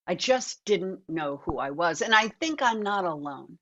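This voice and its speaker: An older woman, a guest actor and author, telling animated, reflective stories in a conversational interview over a video call. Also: fairly low pitch, measured pace, muffled recording, a little hiss or hum.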